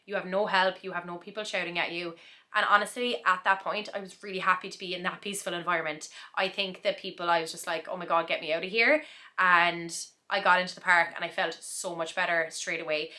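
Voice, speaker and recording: A woman's voice: on the low side, level tone, a little fast, pushed and bright. A young woman chatting in a casual vlog, recapping her day in a reflective, talkative way with frequent laughs. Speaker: vlogger.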